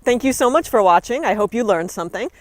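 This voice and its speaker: A woman's voice: a little high, lively intonation, quick pace. American woman teaching French pronunciation. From United States. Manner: clear and emphatic, demonstrating French words. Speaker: language vlogger. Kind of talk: scripted teaching vlog.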